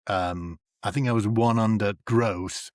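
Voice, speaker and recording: A man from North East England, a comedian and actor chatting as a guest and acting out the people in his stories with big leaps in pitch. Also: measured pace, no echo, clean studio sound. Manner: animated storyteller who acts out quoted people with big pitch jumps. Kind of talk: casual chat.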